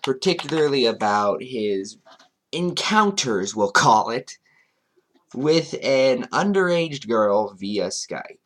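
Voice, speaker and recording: A man's voice: medium pitch, big pitch swings, slow. A man doing a commentary vlog, reading chat logs aloud and breaking in with sarcastic, chuckling asides. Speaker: commentary YouTuber.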